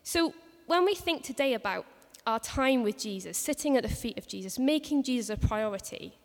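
A woman preaches with earnest conviction, telling stories and restarting her phrases as she goes. Her voice sits a bit high for a woman. It carries a long reverb through a church hall. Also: animated, normal speed. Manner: earnest, storytelling, many restarts. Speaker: speaker at a women's church gathering. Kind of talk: personal-story sermon.

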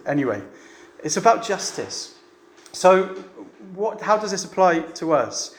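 A man's voice: fairly high pitch, very animated, measured pace, noisy background. A man preaching a sermon to a church meeting in a chatty way, often asking the room rhetorical questions. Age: adult with a family. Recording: echoey room with faint ambience.

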